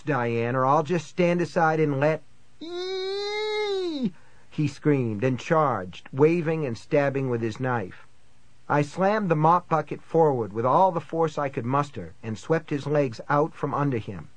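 A man narrating a first-person thriller audiobook in a tense, measured storytelling manner. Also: mid-range voice, no room sound.

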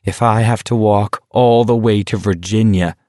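A man voicing a tired young male walker, terse and quick to flare into anger. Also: fairly low pitch, steady tone, a little mellow, no room sound, clean studio sound, close to an everyday voice. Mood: angry. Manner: terse, flaring into angry outbursts.

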